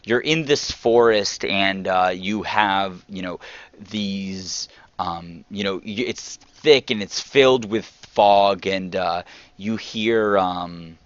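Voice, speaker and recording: A man narrating as dungeon master, halting and full of ums as he describes the scene. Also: low voice, dry recording. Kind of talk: narrating a tabletop game. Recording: dull lo-fi sound.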